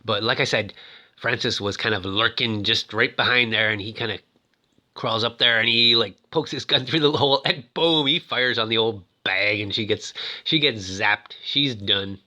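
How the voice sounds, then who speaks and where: A man's voice: on the low side, moderate pace, pushed and bright. A man casually recapping a film, rambling and chatty, and acting out the characters' lines as he goes. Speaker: movie recap host.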